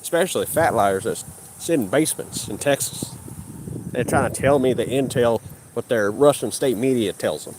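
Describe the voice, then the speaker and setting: A man's voice: medium pitch, normal speed, background noise. A man in a heated live-stream rant, arguing with and insulting chat. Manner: combative, insulting, mocking.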